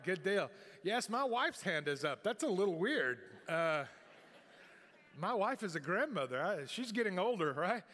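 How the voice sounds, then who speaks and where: A man's voice: high-pitched, sharp tone. A middle-aged male pastor preaching a sermon in a folksy, rambling way with many restarts. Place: church sanctuary. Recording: long hall reverb.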